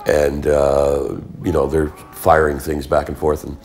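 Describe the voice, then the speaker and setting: A man's voice: a bass voice, a little slow, soft background music. An older man from Canada, a musician and actor, telling stories as an interview guest and acting out the voices of people he quotes. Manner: animated storyteller, acts out quoted voices. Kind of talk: casual storytelling.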